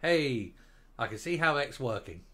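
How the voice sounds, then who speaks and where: A man's voice: mid-range voice, big pitch swings, a little slow, bright, forceful tone. An older man reads out news items and mocks them in a sarcastic, scornful rant as the host of a political commentary show. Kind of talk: reading news and ranting.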